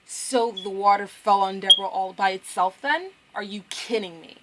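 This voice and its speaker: A woman's voice: mid-range voice, moderate pace, heavy background noise, natural voice. A woman voicing an angry, cold teenage boy from a dating game, reading his lines in a harsh, scolding way. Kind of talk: reading game dialogue aloud.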